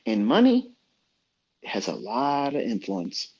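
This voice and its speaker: A man's voice: mid-range voice, wildly swooping pitch, takes it slowly, long pauses, darkish tone, slightly rough. A middle-aged man mentoring traders in a blunt, profane, heated rant, heard over dull lo-fi online audio. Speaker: trading mentor. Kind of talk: ranting motivational talk.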